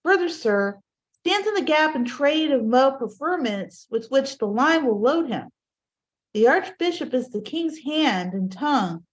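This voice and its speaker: A woman's voice: sits high, big pitch swings, a little slow, lo-fi sound. Sir Thomas Lovell, a woman reading a loyal knight. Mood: earnest. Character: loyal courtier knight, earnest and dutiful. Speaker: reader in a play reading. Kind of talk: amateur Shakespeare reading.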